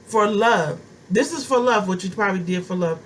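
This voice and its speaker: A woman's voice: medium pitch, normal speed, slight background noise. A middle-aged woman prophetess preaching a sermon, impassioned and driving her points home with emphatic repetition.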